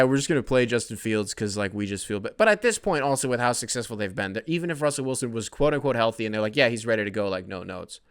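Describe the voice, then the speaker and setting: A man's voice: on the low side, a bit bright, no room sound, studio quality. A man hosting a casual solo sports podcast who rambles, swears freely, jokes and reads listener emails aloud. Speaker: podcast host.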